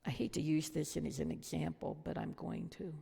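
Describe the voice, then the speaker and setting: A woman's voice: low-pitched, steady tone, a little fast, vocal fry, dark tone, husky. A woman teaching a Bible study lesson, earnest and reflective, putting questions to her listeners. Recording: long hall reverb.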